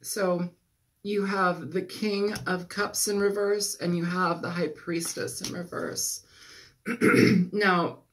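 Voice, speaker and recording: A man giving a casual tarot reading, rambling and clearing his throat often as he loses his voice after a nap. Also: sits high, little pitch movement, takes it slowly, fairly bright tone, a little hiss or hum. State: losing his voice, just woke from a nap. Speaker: tarot reader.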